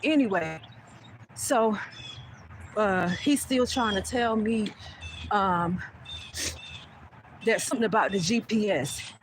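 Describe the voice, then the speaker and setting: A woman telling a heated personal story to her viewers, profane and animated, speaking straight to the audience. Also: medium pitch, takes it slowly, long pauses, background noise. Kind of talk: casual storytelling rant.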